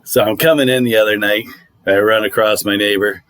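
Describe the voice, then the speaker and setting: A man's voice: lowish voice, steady tone, a little fast, a bit bright. A middle-aged man hosting a casual vlog, telling dating stories in a wry, conversational way. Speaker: vlog host. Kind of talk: casual storytelling.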